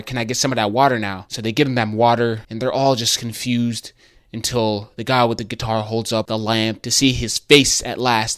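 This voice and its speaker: A man casually recapping a television episode for his video, animated and slangy, with many restarts. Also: medium pitch, no echo, studio quality. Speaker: video creator.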